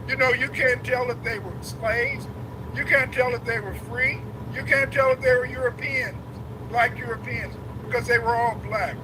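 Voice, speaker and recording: A man giving a preachy, emphatic livestream lecture who builds to shouts. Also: extremely high pitch, steady tone, normal speed. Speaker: guest lecturer. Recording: background noise.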